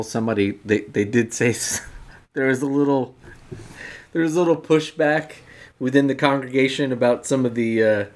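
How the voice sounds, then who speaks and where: A man co-hosting a podcast in casual chat, explaining a point at length and restarting sentences as he thinks aloud. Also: medium pitch. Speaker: podcast co-host.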